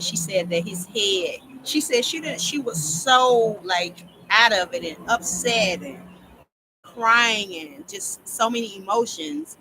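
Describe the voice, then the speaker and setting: A woman casually telling a long story to her viewers, rambling and animated, often laughing as she talks. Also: medium pitch, takes it slowly, background noise. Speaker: storyteller vlogger.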